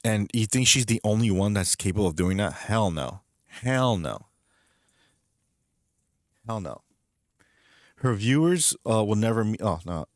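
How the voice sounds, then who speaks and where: A man with a fairly low voice holds forth as a stream host, rambling through his opinions. He leans hard on his points and repeats them. The sound is dry and close, with little room tone. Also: no echo. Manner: rambling, emphatic, repeats himself. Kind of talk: casual gaming stream commentary.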